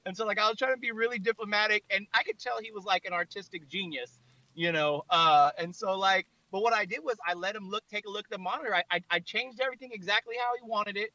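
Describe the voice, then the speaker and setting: A man's voice: high-pitched, quick pace, pushed and bright, dry recording. A man, a videographer, telling a story in casual chat, rambling and full of "like". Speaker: videographer and director. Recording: dull lo-fi online audio.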